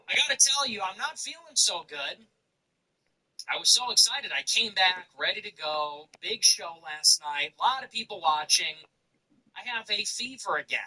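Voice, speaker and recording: A man's voice: a little high, bright, forceful tone, husky, rough recording. A man hosting his own show, talking in a blunt, profane, casual ranting monologue. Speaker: show host.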